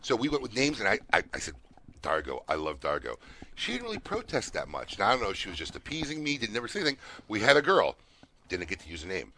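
A man's voice: medium pitch, rapid-fire, a little hiss or hum. A middle-aged man co-hosting a radio talk show, telling a story with lots of laughter and acted-out dialogue. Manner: animated storyteller, laughs often, acts out both sides of dialogue. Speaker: radio co-host. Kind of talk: casual radio chat.

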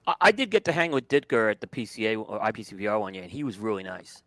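A man's voice: lowish voice, animated, fast talker, a bit bright, no echo. Man chatting in a dry room. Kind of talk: casual chat.

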